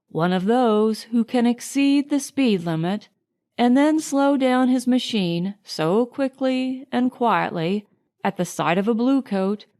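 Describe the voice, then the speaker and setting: A woman narrating an audiobook, reading in a measured, unhurried way. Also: a little high, dark tone. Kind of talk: scripted narration.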